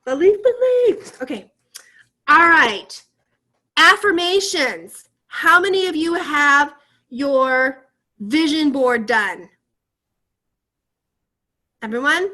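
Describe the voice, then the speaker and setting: A woman's voice: high voice, very slow, pauses often. A woman leading a motivational training on a video call, encouraging her team and asking them questions. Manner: energetic and encouraging, asks the audience questions. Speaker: team leader coaching a sales team.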